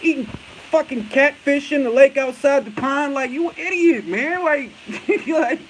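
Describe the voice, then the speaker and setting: A man's voice: very high voice, unhurried, a little hiss or hum, low-quality recording. A man with a New York accent hosting a boxing talk show, talking bluntly and profanely and often laughing as he answers viewer comments.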